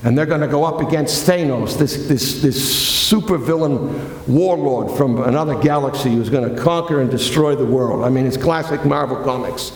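A man's voice: mid-range voice, normal speed, few pauses. A male pastor preaching a sermon, chatty and digressive, with asides and restarts, recorded in a church sanctuary. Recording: echoey hall with long reverb.

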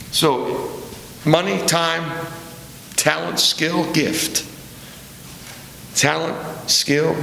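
A man gives a sermon as pastor in a church sanctuary, his voice a little high, creaky, and a bit bright against slight background noise. The long reverb of the roomy hall surrounds his conversational storytelling, which drifts off on tangents and corrects itself.

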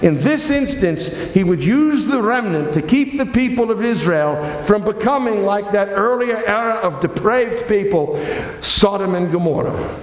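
A man's voice: sits high, animated, moderate pace. A male pastor preaching a sermon, chatty and digressive, with asides and restarts, recorded in a church sanctuary. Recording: echoey hall with long reverb.

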